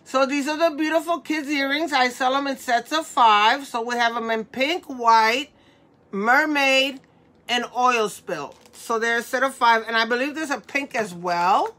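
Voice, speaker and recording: A woman's voice: high voice, unhurried, pushed and bright. A middle-aged woman hosting a live jewelry sale, tearful and laughing through her words, affectionately greeting viewers by name. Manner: affectionate, calls viewers mamacita. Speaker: live-stream jewelry seller. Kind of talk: emotional live-stream sales chat.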